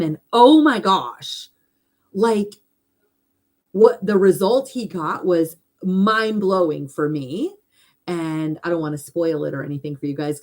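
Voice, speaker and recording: A middle-aged woman hosting a casual spiritual talk, animated and mimicking chatter in higher mocking tones. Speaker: spiritual podcast host.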